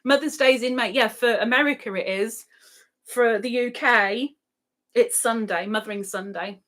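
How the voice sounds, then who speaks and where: Lady hosting a live chat, highish voice, laughs a lot, reads comments out loud. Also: normal speed. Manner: chatty, reads out viewer comments, laughs often. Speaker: livestream host. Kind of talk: casual live-chat talk.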